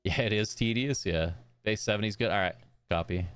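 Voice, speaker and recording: A man's voice: lowish voice, fairly quick, fairly bright tone, clear, resonant tone, no room sound, soft background music. A young man streaming a game live, chatting upbeat with his viewers and reading the characters' dialogue aloud in his own voice.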